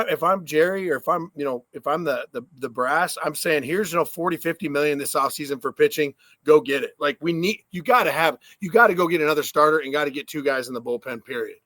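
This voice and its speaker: Bright animated male podcast co-host. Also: on the high side, no echo. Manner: animated storyteller, swears. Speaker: podcast co-host, former player. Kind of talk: casual sports chat.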